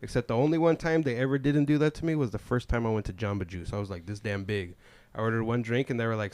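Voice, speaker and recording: A man's voice: mid-range voice, quick pace, darkish tone. Self-mocking male stand-up comic. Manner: self-deprecating, laughs at his own jokes. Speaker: stand-up comedian. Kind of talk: open mic stand-up set. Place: comedy club stage.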